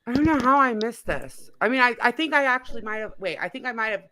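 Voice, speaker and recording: A woman's voice: fairly high pitch, lively intonation, fast talker, pushed and bright. A woman hosting casual commentary, chatting with lots of fillers and giggles. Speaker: YouTube commentary host.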